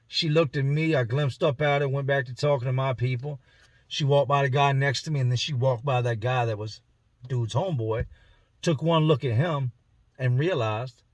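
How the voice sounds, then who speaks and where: Man, casual slangy storytelling, husky, dry close recording. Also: mid-range voice, no room sound. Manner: slangy, conversational, acts out the voices in his story. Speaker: vlogger telling a prison story. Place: inside a car.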